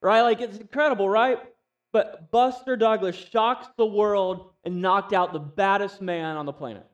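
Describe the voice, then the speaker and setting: A man preaching a sermon in a relaxed, conversational way, often asking the listeners questions. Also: sits high, normal speed, distant mic, muffled recording. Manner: conversational, asks the audience questions. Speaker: pastor.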